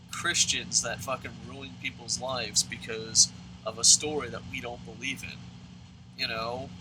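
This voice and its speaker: A man hosting a let's play, telling a story as he plays. He rambles, swears often and slips into sarcasm, pausing on frequent fillers. A clear background noise runs under the recording. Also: medium pitch. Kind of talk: casual storytelling over gameplay.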